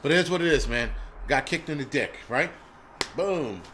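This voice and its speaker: A man's voice: fairly high pitch, animated, moderate pace, background noise. A middle-aged man, hosting a live stream in casual chat, blunt and profane as he vents.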